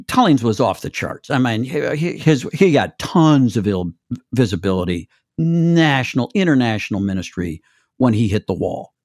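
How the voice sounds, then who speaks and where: A man co-hosting a podcast, animated and quick to agree, speaking about the people he counsels. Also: medium pitch, no echo, clean studio sound. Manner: animated, with rapid back-channel agreement. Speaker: podcast co-host. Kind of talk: conversational interview.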